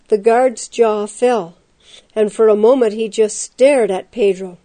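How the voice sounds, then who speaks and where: A woman narrating a story aloud in a steady, expressive storytelling manner. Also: fairly high pitch, measured pace. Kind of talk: storybook reading.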